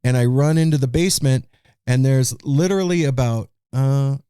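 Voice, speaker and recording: Animated man telling a story, dark voice. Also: medium pitch, moderate pace, clean tone, dry recording, clean studio sound. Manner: animated, swears freely, retells his own panic. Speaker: podcast co-host. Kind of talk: casual storytelling chat. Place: home podcast studio.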